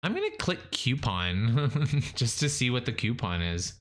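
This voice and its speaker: A man chatting away while he streams a game, words tumbling out with lots of "like" and "you know." His voice sits at an ordinary middle pitch. When he gets excited it jumps up quickly. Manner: rambling, many fillers and restarts. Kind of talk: casual live-stream gameplay chat.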